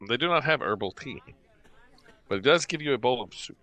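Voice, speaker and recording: A man narrating as game master of a tabletop game, pausing often with fillers as he describes the scene. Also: medium pitch, animated, bright, forceful tone. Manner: hesitant, many fillers while describing the scene.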